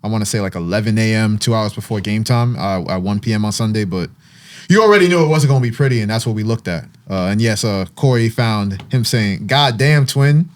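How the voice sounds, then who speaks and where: A man hosting a casual sports talk show, retelling a news story with lively storytelling and frequent fillers. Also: fairly low pitch, quick pace. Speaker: podcast host.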